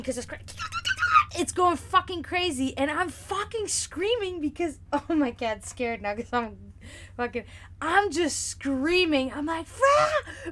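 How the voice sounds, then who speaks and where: A woman hosting a livestream, telling rambling, profane stories in casual chat. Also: high-pitched. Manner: rambling, profane, animated storytelling. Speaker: livestream host.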